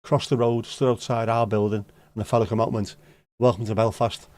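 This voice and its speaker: A man's voice: medium pitch, level tone, fast talker, darkish tone. A man with a Liverpool accent hosting a livestream, chatting casually with viewers in blunt, sweary banter with dry jokes. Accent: Liverpool (Scouse). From Liverpool, England. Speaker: livestream host. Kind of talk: casual chat answering viewer comments. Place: home livestream setup.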